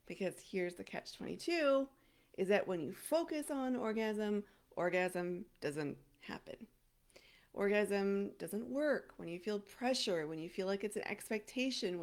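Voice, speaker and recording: A woman in her thirties speaks casually to camera as an intimacy coach. She thinks out loud, restarts her sentences and pauses to question how to say a word. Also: medium pitch. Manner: thinks aloud, restarts and checks her own pronunciation.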